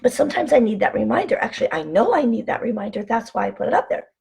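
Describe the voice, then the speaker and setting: A woman hosting a casual motivational vlog from home, chatty and animated as she tells anecdotes. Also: fairly high pitch, fast talker, creaky, husky. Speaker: online show host.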